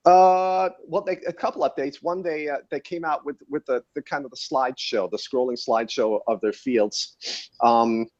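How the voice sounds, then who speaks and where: A man's voice: mid-range voice, fairly even intonation, moderate pace, a little mellow, lo-fi sound. A man who tests batteries, talking in a casual podcast chat in a wry, rambling, self-correcting way. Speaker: battery tester and guest.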